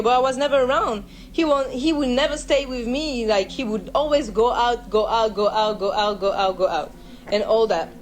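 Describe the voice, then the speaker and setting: A young woman from France, telling a personal story in a vlog in an emotional, halting way with many restarts. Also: medium pitch, a little hiss or hum, poor audio. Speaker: vlogger.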